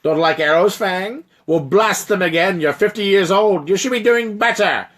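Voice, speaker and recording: A man voicing a huge male frost giant who booms, mocks and lectures in a strained, raised voice. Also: normal speed, fairly bright tone. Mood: scolding. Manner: booming, mocking and lecturing.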